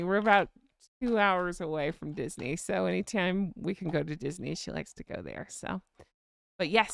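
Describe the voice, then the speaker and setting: A woman's voice: lowish voice, vocal fry, dry recording. A woman hosting a casual livestream chat, bubbly and reading comments aloud. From United States. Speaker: livestream host.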